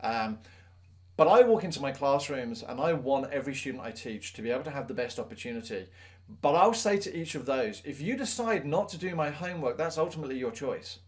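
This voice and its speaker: A man's voice: mid-range voice, expressive, fairly quick. A man, a teacher giving an earnest, emphatic motivational talk to the camera, with self-mocking asides.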